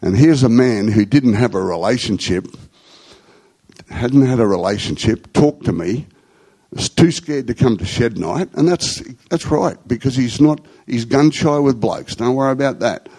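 A man's voice: mid-range voice, expressive, normal speed, warm tone, husky, low-quality recording. A middle-aged man with an Australian accent, telling rambling, slangy stories in a conversational talk to a group.

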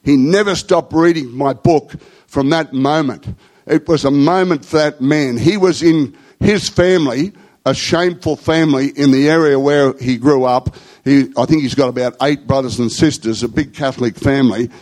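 A man's voice: medium pitch, normal speed, a little mellow, poor audio. A middle-aged man with an Australian accent, telling rambling, slangy stories in a conversational talk to a group.

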